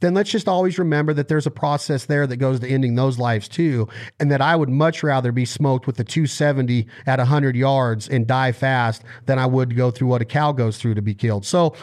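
A man's voice: mid-range voice, a little fast, few pauses, a little mellow. A man in his thirties from the United States, telling stories and ranting passionately in a casual conversation. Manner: impassioned, ranting, storytelling. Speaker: podcast guest.

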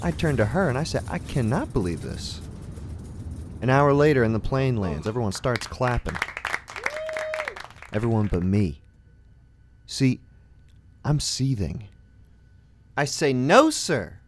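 Deadpan man telling an absurd story. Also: mid-range voice, unhurried, pauses often, a crowd in the background, background noise. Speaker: comic narrator. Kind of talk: deadpan comic monologue.

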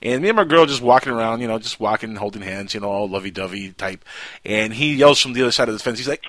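A man hosting a radio show, chatty storyteller who drops his voice low for asides. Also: quick pace, a bit bright, dry recording. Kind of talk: casual radio chat.

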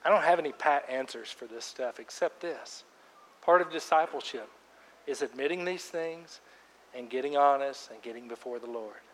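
A man preaching a sermon as pastor, emphatic, swinging between loud outbursts and hushed words. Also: a little high. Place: church sanctuary. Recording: long reverb of a large church hall.

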